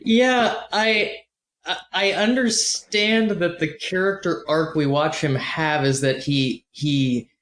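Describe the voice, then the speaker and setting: A man's voice: on the high side, slow pace, a bit bright. Man with a roomy, echoing sound. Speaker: podcast host. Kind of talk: casual film discussion. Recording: roomy echo.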